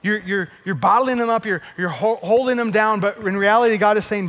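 A man preaching a sermon in an animated way, often repeating words when emphatic. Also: high voice, normal speed. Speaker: pastor.

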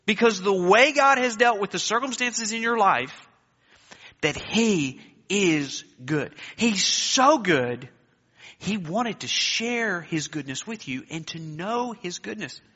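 A male pastor preaching a sermon, emphatic, with dramatic pauses, urging the congregation to answer aloud. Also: sits high, expressive, bright, forceful tone. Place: church sanctuary. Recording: echoey hall, dull lo-fi sound.

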